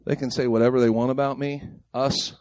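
A man's voice: medium pitch, level tone, fairly quick, a little mellow, dry recording. A man preaching a sermon to his church congregation, emphatic and impassioned, firing off rhetorical questions. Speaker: pastor. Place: church service before a congregation.

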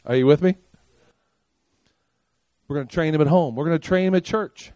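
An older pastor preaches an emphatic sermon at normal speed, firing rhetorical questions and checking whether the congregation is with him. He swings from loud, punchy lines to quiet, low ones, and the recording is dry.

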